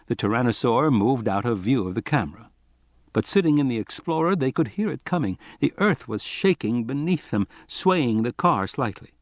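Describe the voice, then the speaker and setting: Male audiobook reader, animated delivery, dry booth sound. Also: medium pitch, no room sound. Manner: lively, expressive reading. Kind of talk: audiobook narration.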